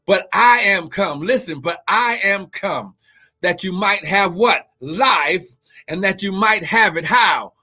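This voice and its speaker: Fervent high-voiced preacher man shouting. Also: lively intonation, takes it slowly. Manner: fervent, shouting exclamations and call-and-response questions; reads scripture aloud and breaks off to exhort listeners. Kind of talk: livestreamed sermon.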